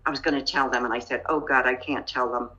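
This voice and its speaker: A woman's voice: a bass voice, fairly even intonation, quick pace, pushed and bright. An older woman earnestly recounting a painful experience in an interview, rueful and matter-of-fact. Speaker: scam victim telling her story. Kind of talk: TV interview storytelling. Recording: dull lo-fi clip audio.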